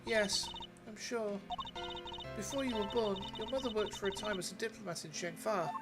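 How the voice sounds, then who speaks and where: A man reading a calm older woman judge's lines from a video game in a soft, measured voice. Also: sits high, over loud music, voice pushed up, close to an everyday voice. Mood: gentle.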